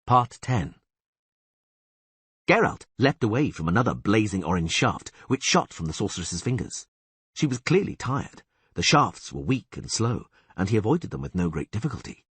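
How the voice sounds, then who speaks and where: A man reading an audiobook aloud in a lively storytelling way, with a husky voice. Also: on the low side, normal speed, no echo. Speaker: audiobook narrator. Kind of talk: scripted audiobook narration.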